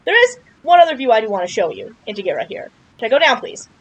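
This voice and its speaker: High, lively-voiced woman narrating a playthrough. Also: very fast, dull audio. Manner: chatty, playful, jokey, exclaims at surprises. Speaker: video game streamer. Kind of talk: casual game playthrough commentary.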